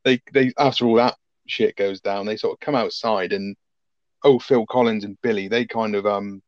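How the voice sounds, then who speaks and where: Guy rambling through a movie recap, sweary, low voice, kinda muffled recording. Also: fairly even intonation, normal speed, no echo. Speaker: podcast co-host. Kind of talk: casual film review chat.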